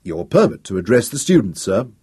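A man's voice: on the high side, very animated, darkish tone, breathy edge, no echo, clean studio sound, voice pushed up, exaggerated voice. A man voicing a firm, aging professor. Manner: measured and commanding, with polite formality. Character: aging male professor, calm, firm and authoritative.

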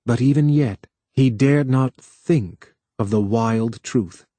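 A man narrating an audiobook with measured, even storytelling. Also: mid-range voice, no echo.

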